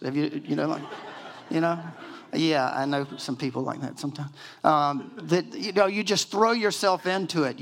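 Animated older man preaching a sermon. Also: fairly high pitch. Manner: animated storytelling with many fillers and acted-out quotes. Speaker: pastor.

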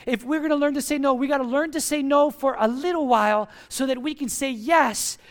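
A male pastor preaching an energetic, emphatic sermon and leading his congregation in call-and-response chants. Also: extremely high pitch, fairly quick.

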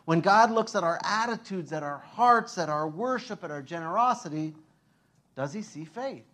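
A male pastor delivers a sermon in a loose, chatty manner, stumbling through "like" and "uh" as he goes. His voice sits a little high for a man, and he gets animated when he acts out scenes, with frequent laughter. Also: moderate pace. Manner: casual, conversational, many fillers like "like" and "uh".

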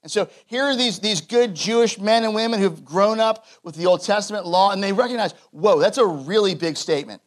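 A man with a high, light voice preaching a sermon. He talks casually and conversationally, and he acts out the scripture passages as he reads them. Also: a little fast, hardly any pauses. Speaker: pastor.

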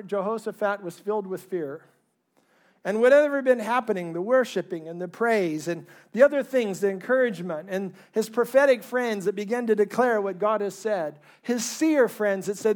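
A high-pitched male pastor preaching with fervor. His voice climbs into loud, emphatic bursts and then drops back to a quieter, earnest tone. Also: fairly quick. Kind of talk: sermon.

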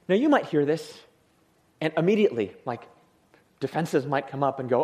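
A man preaching a sermon, reading scripture aloud with dramatic rises and falls in pitch and volume. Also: very animated, fairly quick, warm tone.

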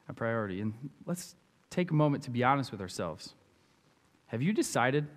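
A man's voice: a little high, long reverb tail. A man preaching a sermon in an earnest, conversational way, asking his listeners direct questions. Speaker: pastor and youth basketball coach.

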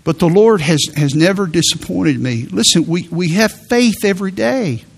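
Earnest preaching man, fairly high voice. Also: animated, normal speed, vocal fry, husky. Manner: earnest, emphatic preaching with sudden rises. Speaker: pastor. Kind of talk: sermon.

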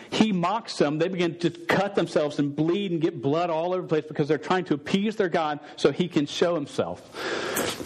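A man's voice: a little high, a little hiss or hum, rough recording. A man preaching a sermon, casual and sarcastic, often stumbling over words. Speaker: pastor.

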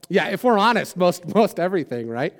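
A man's voice: sits high, sing-song, fairly quick. A man preaching a sermon as a pastor, casual and conversational, with self-deprecating jokes and lots of "like" and "you know".

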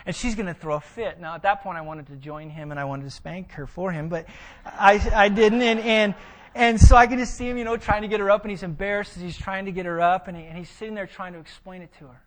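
A man preaching with emphatic drive and lively storytelling. His voice is high for a man and strikingly bright, cutting through each point he makes. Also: fast, hardly any pauses. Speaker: pastor. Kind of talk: sermon.

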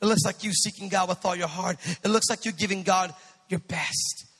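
A male pastor preaching a sermon, swinging between quiet asides and shouted, sing-song exhortation. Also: sits high, brisk, breathy edge. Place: church sanctuary. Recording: long church hall reverb.

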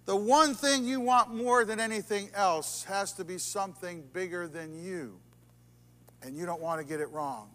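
Animated male pastor preaching in a hall. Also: high-pitched, moderate pace. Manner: dramatic swings from loud emphasis to hushed near-whispers. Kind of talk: sermon. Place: church sanctuary.

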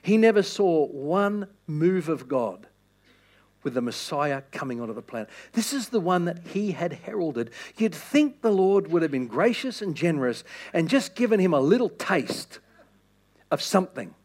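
A man preaching a sermon with impassioned, repeated appeals that swing from loud to hushed. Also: fairly high pitch, very animated, moderate pace.

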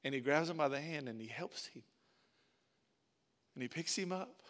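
A middle-aged male pastor preaching with a voice pitched a little high for a man. He tells stories softly at first, then rises into loud, animated exhortation and calls on the congregation to join in. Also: normal speed. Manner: builds from quiet storytelling to loud, animated preaching; calls on the congregation, uses "y'all". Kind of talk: sermon.

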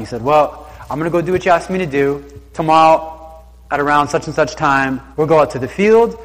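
A man's voice: fairly high pitch, brisk. A man teaching from the Bible who reads each verse aloud and then retells it in loose, slangy everyday talk. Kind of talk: scripture reading with casual retelling. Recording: reverberant hall sound.

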